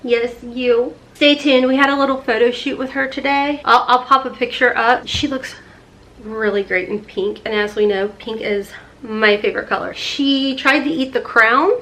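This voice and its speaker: Bubbly high-voiced woman vlogger. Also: steady tone, moderate pace, bright, forceful tone. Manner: bubbly, rambling, baby talk to her cat. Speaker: beauty vlogger. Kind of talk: chatty unboxing vlog.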